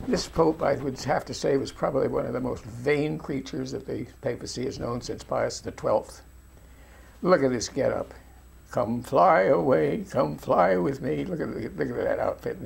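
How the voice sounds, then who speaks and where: A man's voice: mid-range voice, vocal fry, darkish tone, slightly rough. An older man giving folksy, informal video commentary, talking straight to his viewers as friends. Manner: folksy, addresses viewers as friends, frequent restarts.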